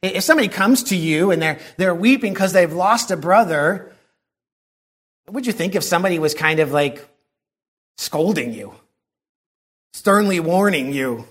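A man preaching a sermon in an earnest, reflective way, often dropping to a soft hush. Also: high voice, lively intonation, moderate pace, pauses often, husky.

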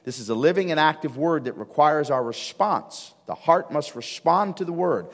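A man preaching a sermon as pastor, emphatic and full of rhetorical questions, building to loud fervor in a church. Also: fairly high pitch, lively intonation, moderate pace, big-room sound. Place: church sanctuary with congregation.

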